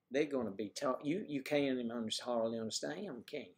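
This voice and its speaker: A man's voice: mid-range voice, fast talker, hardly any pauses. Folksy older man chatting on a livestream. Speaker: livestream host. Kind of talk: casual livestream chat.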